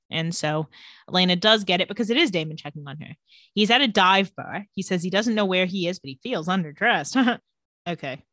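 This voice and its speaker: A woman co-hosting a casual chat, retelling a TV episode with quick put-on character voices and frequent laughs. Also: mid-range voice, bright, forceful tone, dry recording. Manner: storytelling recap, quick mock voices for characters, laughs often. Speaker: podcast co-host recapping a TV episode.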